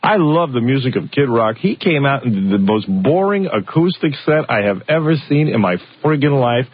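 A man hosting a radio show, chatting casually with jokes and animated stories, on a dull lo-fi radio broadcast. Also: medium pitch, normal speed, slightly rough. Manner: joking, animated storytelling. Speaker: radio host. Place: radio studio.

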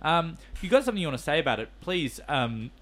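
Casting: Australian man, radio host, lively swooping pitch, upper register. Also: fast talker. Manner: animated, camp, laughing. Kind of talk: casual radio chat.

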